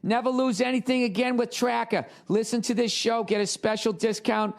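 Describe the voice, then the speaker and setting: A man putting on a brash guy for a comic ad read, swearing constantly with a gravelly voice. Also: very high-pitched, fairly even intonation, normal speed, pitched above the performer's own voice.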